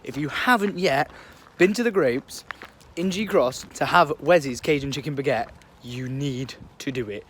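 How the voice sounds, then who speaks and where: A young man from England, telling a story in a casual vlog, animated and swearing freely. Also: medium pitch, unhurried, slight background noise. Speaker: vlogger.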